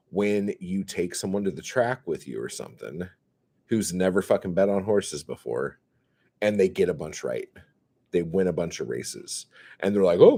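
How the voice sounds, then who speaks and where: A man casually telling a profane, self-mocking story on a live stream, swinging between loud outbursts and mumbles. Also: deep voice, husky. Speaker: comedian hosting a live stream.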